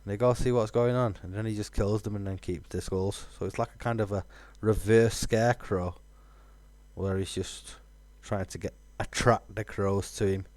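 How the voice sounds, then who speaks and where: A man's voice: fairly low pitch, flat delivery, normal speed, darkish tone, no room sound. A man, musing aloud with fillers while streaming a game. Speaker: gaming streamer. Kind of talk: casual let's-play commentary.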